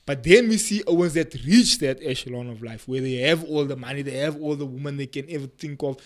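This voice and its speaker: A man hosting a casual podcast chat, animated, laughing often and repeating phrases for emphasis. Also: medium pitch, a little fast. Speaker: podcast host.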